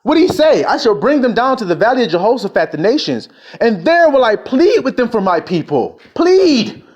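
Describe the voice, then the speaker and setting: A man's voice: extremely high pitch, big pitch swings, brisk. Furious cursing preacher man. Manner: angry, preachy, cursing, mocking quoted voices. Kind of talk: profane street sermon rant.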